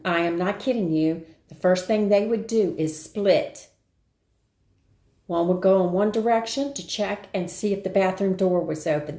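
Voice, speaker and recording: A woman's voice: on the low side, warm tone. An older woman hosting a live stream, telling a rambling everyday story in casual chat and greeting viewers along the way. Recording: roomy echo.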